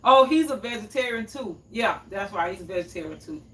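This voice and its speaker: A woman's voice: medium pitch, animated, brisk, a bit bright. A woman hosting a cooking livestream in a home kitchen, chatting casually and answering viewers' comments. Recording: echoey room, mic at a distance.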